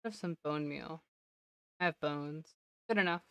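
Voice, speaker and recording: A woman's voice: deep voice, a little slow, a bit bright, no room sound. A woman streamer giving casual gameplay commentary, talking to herself and laughing often, her voice slightly worn. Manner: chatty self-talk, laughs often.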